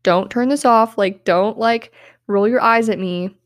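A woman's voice: fairly high pitch, a little slow, no echo. A young woman hosting a self-help podcast, talking in an earnest, heartfelt way with many "like"s, close to tears. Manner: earnest, heartfelt, uses "like" often. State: tearful, on the verge of crying. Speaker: podcast host.

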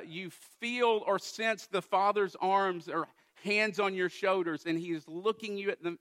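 A man's voice: high voice, a bit bright. A man preaching a sermon to a congregation as pastor, earnest and building to emphatic exhortation.

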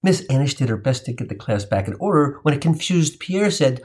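A man's voice: medium pitch, big pitch swings, brisk, few pauses, a little mellow, slightly rough. A man telling a comic personal story in an irreverent, profane style, with wry asides.

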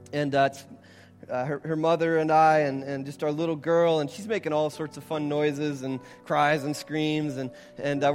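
High-voiced pastor preaching in a reverberant church. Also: male voice. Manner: builds from hushed storytelling to fervent, raised preaching. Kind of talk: sermon. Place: large church sanctuary with long reverb. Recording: reverberant church hall with faint music.

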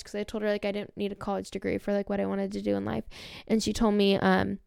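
A young woman hosting her own podcast, telling stories in a chatty, earnest, excited way with lots of "like". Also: mid-range voice, fairly quick, vocal fry, clean tone, no room sound, clean studio sound. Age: young adult. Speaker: podcast host. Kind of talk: casual storytelling monologue.

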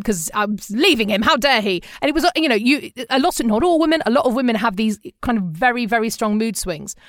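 Animated woman, dry close sound. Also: a little high, dry recording. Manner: candid, animated storytelling with quoted voices. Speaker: podcast host. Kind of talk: casual conversational podcast.

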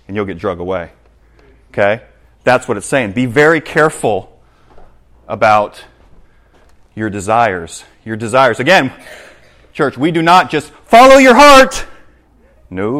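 Animated male pastor preaching. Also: fairly low pitch. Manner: animated, acts out scenes, asks the congregation "right?". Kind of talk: sermon. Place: church.

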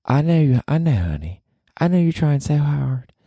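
A man's voice: fairly high pitch, very animated, normal speed, warm tone, husky, dry recording, studio quality, voice pushed up, full character voice. A man voicing a teasing Southern girlfriend with a put-on US Southern accent who sweetly calls him honey. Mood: chiding. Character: sassy Southern girlfriend, young woman, teasing and doting.

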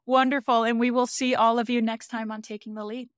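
A woman's voice: a little high, little pitch movement, fairly quick, soft background music. A woman hosting a podcast, asking questions in an upbeat, encouraging way. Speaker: podcast host. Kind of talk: podcast interview.

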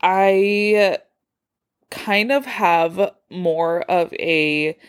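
A woman's voice: on the low side, fairly even intonation, extremely slow, clear, resonant tone. Rambling young woman podcaster, tired. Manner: rambling, filler-heavy, self-deprecating. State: tired and out of breath. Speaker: podcast host. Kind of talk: casual solo podcast chat.

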